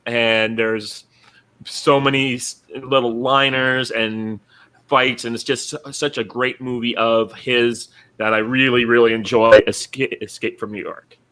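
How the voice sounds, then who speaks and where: Bright-voiced man chatting hesitantly. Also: mid-range voice, flat delivery, unhurried, smooth. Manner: hesitant, many fillers, tired. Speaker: podcast co-host. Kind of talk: casual movie chat.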